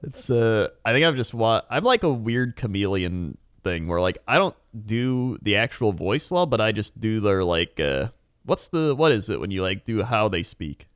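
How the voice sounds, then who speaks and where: A man in casual chat as a podcast co-host, laid-back and rambling, full of fillers and quick laughs. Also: fairly low pitch, big pitch swings, clean tone, no echo, studio quality.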